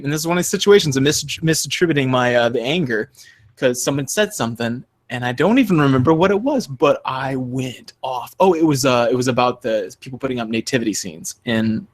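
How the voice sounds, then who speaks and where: Young man, podcast co-host, casual chat, animated storytelling, acts out quotes. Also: mid-range voice, fairly quick.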